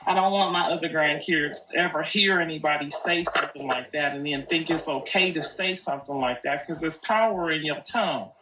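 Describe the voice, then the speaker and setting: Speaking on a live stream, a grandmother chats earnestly and colloquially, saying things more than once. Her low voice moves fairly quickly with hardly any pauses, and the audio sounds distant, echoey, and noisy.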